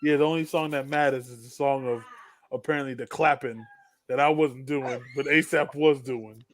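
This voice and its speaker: A man co-hosting a casual podcast chat, joking around and laughing loudly. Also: medium pitch, steady tone, moderate pace. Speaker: podcast co-host.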